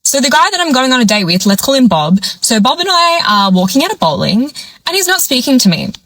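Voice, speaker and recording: A woman's voice: high-pitched, a little fast, low-quality recording. A young woman telling a dating storytime, acting out what people said along the way. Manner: animated, acts out quoted dialogue. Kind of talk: storytime vlog.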